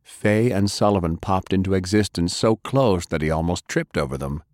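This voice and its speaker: A man narrating an action audiobook, jumping in pitch as he voices the characters. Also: normal speed, a little mellow, dry recording, studio quality. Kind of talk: dramatic audiobook reading.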